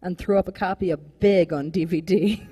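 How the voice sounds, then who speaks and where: A young woman performing a live stand-up comedy set, rambling and animated, full of "like" fillers. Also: fairly low pitch, moderate pace, husky, big-room sound. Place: comedy club stage with live audience.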